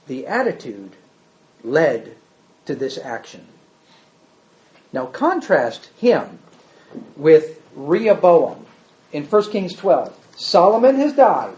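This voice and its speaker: A man preaching a sermon and reading scripture, shifting between loud emphasis and quiet asides. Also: on the high side, very animated, slow, pauses often. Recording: echoey hall, slightly dull sound.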